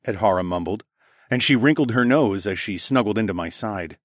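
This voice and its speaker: A man narrating a first-person story in a relaxed, expressive audiobook reading. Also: lowish voice, brisk, no room sound, studio quality.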